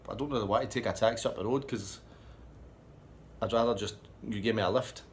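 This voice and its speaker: Man playing a weary Scottish young mother, plain and patient, voice in a low male range. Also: fairly quick, a little hiss or hum, lightly acted.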